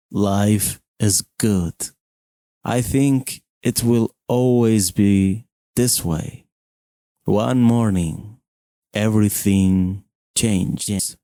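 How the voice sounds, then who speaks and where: Very slow American man narrating a story. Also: deep voice, warm tone, no room sound, clean studio sound. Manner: very slow, clear and simple phrasing.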